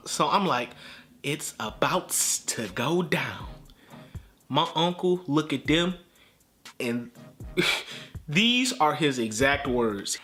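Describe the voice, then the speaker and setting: A young man hosting a storytime vlog, telling an animated story in slangy, self-mocking narration. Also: sits high, slight background noise. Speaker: vlog host.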